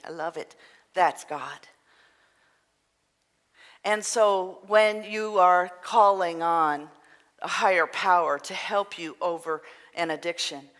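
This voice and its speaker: A woman minister giving an earnest, gentle sermon, sometimes dropping to a soft, breathy near-whisper. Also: fairly low pitch. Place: church sanctuary. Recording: long reverb of a hall.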